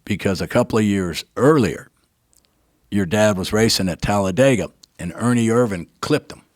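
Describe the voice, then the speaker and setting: A man's voice: lowish voice, moderate pace, no room sound, clean studio sound. An older man, a guest on a talk show, tells a personal story with feeling, acting out what people said and often checking in with "right?". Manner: animated narrator, acts out quoted dialogue, keeps asking "right?".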